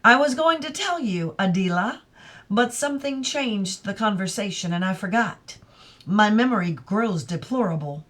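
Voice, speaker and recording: Woman reading as a gentle, dreamy old lady. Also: mid-range voice, expressive, moderate pace, lightly acted. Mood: apologetic. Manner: mild, wandering, forgetful.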